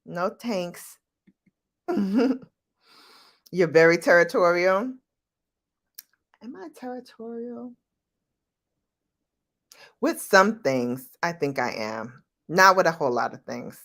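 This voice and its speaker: A middle-aged woman vlogger chatting casually with viewers, animated and laughing as she tells stories. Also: slow, pauses often. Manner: animated, laughing, jumps into high-pitched quoted voices. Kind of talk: casual chat answering viewer questions.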